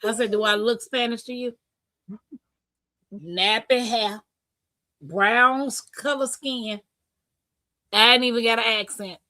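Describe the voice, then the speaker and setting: A woman hosting a live-stream talk show, chatting casually, reading comments aloud and telling stories with animated bursts and laughter. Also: fairly high pitch, slow pace, long pauses, dry recording. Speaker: livestream host.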